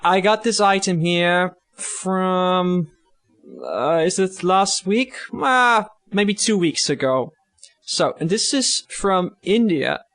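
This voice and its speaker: A man's voice: high voice, slow, fairly bright tone. A man co-hosting a casual podcast, rambling and joking with frequent restarts. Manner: rambling, lots of fillers and restarts, jokey. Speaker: podcast co-host. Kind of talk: casual chat.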